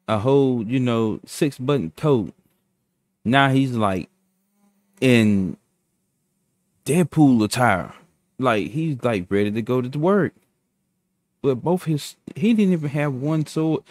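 A man's voice: mid-range voice, a little mellow, no room sound. A man hosting a reaction video, commenting in a casual, slangy, rambling and incredulous way.

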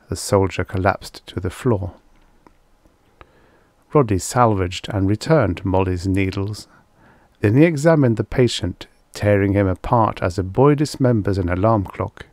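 A man narrating a vintage science fiction short story in a measured, steady way. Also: on the low side, no room sound. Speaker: audiobook narrator.

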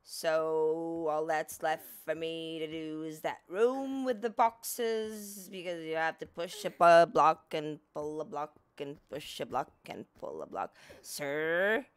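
A woman playing a video game and commenting on it, exasperated, swearing and crying out loudly at the game. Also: low voice, fairly even intonation, slow, few pauses, clean tone. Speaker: gameplay streamer. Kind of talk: gameplay commentary.

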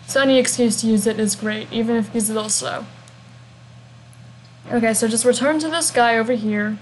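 A young woman talks through a game walkthrough in a loose, rambling way, tossing in hums and asides. Her voice sits a bit high. Faint background hiss sits under the recording. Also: brisk, rough recording. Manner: chatty and rambling, with humming fillers. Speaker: gameplay walkthrough narrator. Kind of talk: casual game walkthrough narration.

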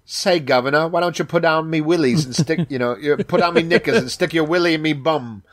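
A man's voice: a little high, brisk, voice pushed up, natural voice. A man mimicking a bawdy mock-British woman. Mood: leering. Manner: exaggerated, bawdy.

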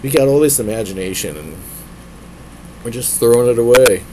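Man, musician streamer, rambling, jokey, mid-pitched voice, faint hum behind. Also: lively intonation, normal speed. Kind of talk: rambling casual stream talk. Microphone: tablet mic.

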